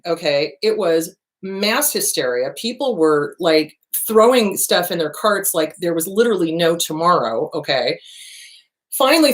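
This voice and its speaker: Middle-aged woman host ranting casually, blunt, swears a lot, storytelling with energy, middle pitch. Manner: blunt, profane, animated storytelling. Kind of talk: casual monologue.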